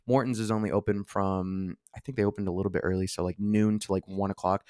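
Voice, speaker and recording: A man's voice: low voice, steady tone, quick pace, darkish tone, no echo, studio quality. A man co-hosting a casual podcast, rambling with lots of filler words and restarts. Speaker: podcast co-host. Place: studio seated across from co-host.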